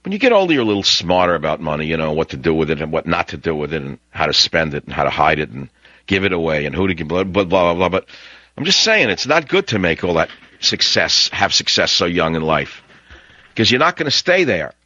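A man with a New York accent hosting a talk radio show, ranting sarcastically and jumping his pitch up high for emphasis. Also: very animated, fast, pushed and bright, no echo. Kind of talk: opinionated radio monologue. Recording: dry, dull lo-fi radio audio.

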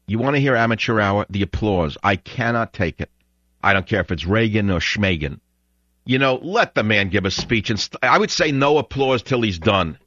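Brief: combative male talk radio host, sarcastic, swooping expressive delivery, dry dull lo-fi sound. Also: lowish voice, moderate pace, dry recording.

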